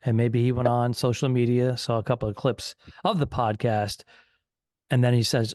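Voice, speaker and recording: A man with a mid-pitched voice, co-hosting a podcast in relaxed, casual banter. He drops wry jokes in an easygoing way. The sound is dry and close. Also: moderate pace, dry recording. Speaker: podcast co-host.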